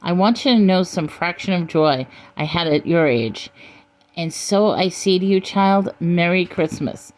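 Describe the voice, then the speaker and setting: A weary, gentle old leader , as a woman reads him, in a comic storybook. He speaks slowly and solemnly, with little change from her plain voice. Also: lowish voice, expressive, rough recording. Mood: tender. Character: weary older male tribe leader, gentle.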